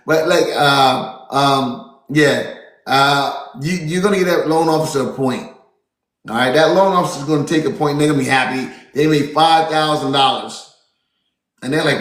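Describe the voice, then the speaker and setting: A man giving an energetic, repetitive seminar talk as a real estate business coach, often calling his listeners folks. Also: on the high side, moderate pace, reverberant.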